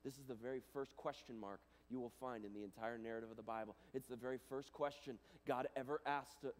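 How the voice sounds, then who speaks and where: A man giving a chapel talk to students, animated and casual, swinging between loud and hushed, with plenty of fillers. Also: medium pitch, quick pace, few pauses. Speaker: guest speaker. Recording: reverberant hall.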